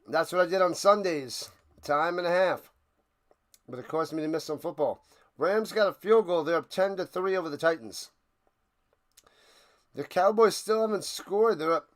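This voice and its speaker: Chatty man calling livestream play-by-play. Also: sits high. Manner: chatty, jokey, excitable asides. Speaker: watch party host.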